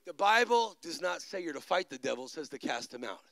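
Guy preaching hard, raspy edgy voice, goes from shouting to low quick stories, dry sound. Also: sing-song, no room sound. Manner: swings between shouted exhortation and low fast storytelling. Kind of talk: charismatic sermon.

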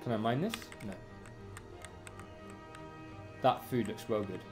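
A streamer giving excitable let's-play commentary, taunting enemies in the game. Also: mid-range voice, slow, music in the background. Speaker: gaming streamer.

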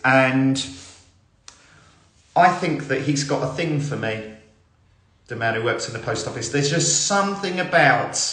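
A lonely, deluded old lady who rambles on, giggles coyly and mangles her proverbs, as a man plays her. Her voice sits in an ordinary middle pitch for a man. The echo of a roomy space hangs around every word. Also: fairly bright tone. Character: lonely, deluded older woman smitten with post office staff. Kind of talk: improvised comic character monologue. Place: indoor room on a live stream.

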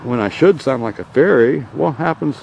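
Folksy male vlogger, outdoors on a camera mic, average pitch. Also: normal speed, vocal fry, darkish tone, dull audio, slight background noise. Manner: folksy, meandering, playful. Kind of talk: casual outdoor vlog narration. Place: outdoors in a rural yard.

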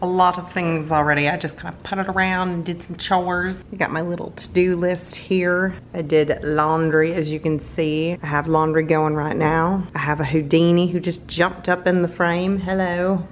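Woman, from the US, low voice, playful and giggly, casual home vlog, faint background hiss. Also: flat delivery, moderate pace, few pauses. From United States. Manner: playful and giggly, slips into a silly voice. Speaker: vlogger.

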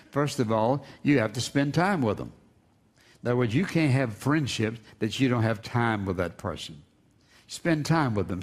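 A man's voice: medium pitch, a little mellow. An older man preaching a sermon, earnest and repeating words for emphasis. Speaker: pastor.

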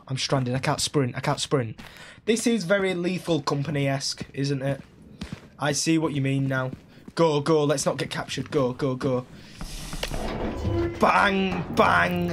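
A young man streaming a horror game live, chattering through his play and shrieking when chased. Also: on the high side. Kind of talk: live gameplay commentary.

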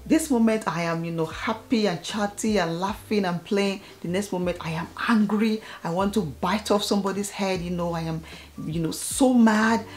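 A woman vlogger in her thirties telling a personal story straight to her viewers in an animated, chatty way. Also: medium pitch, normal speed, slight background noise. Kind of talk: casual talk to camera.

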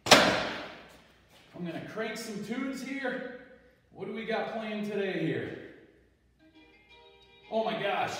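An upbeat surfer dude, as a man puts him on, drawls his slang with bright high energy. He sounds far from the mic in a long, ringing hall. Faint music plays behind him. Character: laid-back adult male surfer dude, upbeat. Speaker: workout leader. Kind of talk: kids' PE workout video.

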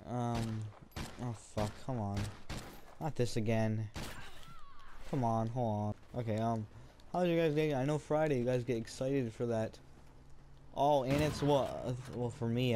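A young man talks in a flat monotone while he plays a shooter game. He rambles and swears at the game now and then. His voice is dark and mellow, and a faint hiss sits under it. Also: mid-range voice. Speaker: gaming video creator. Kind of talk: casual commentary over gameplay.

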